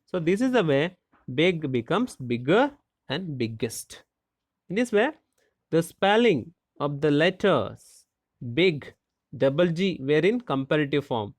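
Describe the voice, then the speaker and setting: A teacher explaining a grammar lesson slowly and deliberately, asking rhetorical questions and spelling out letters. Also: mid-range voice, very animated, no echo, clean studio sound.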